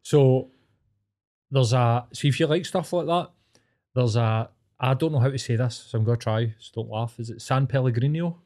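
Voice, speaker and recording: Mellow-voiced Scottish man, eager and sweary. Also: mid-range voice, normal speed. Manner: enthusiastic, sweary banter. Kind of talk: casual chat.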